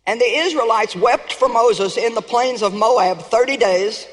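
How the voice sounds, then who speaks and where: A woman's voice: fairly high pitch, a little slow. Older lady preacher, fired up and emphatic, big echoey hall sound. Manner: emphatic, animated, rallying the audience. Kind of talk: sermon. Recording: reverberant hall.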